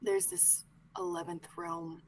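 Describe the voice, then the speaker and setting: A woman playing Arlo, a grieving young man, talking in halting, pleading bursts that sink to whispers. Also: lowish voice, level tone, a little hiss or hum, voice pushed down, low-quality recording.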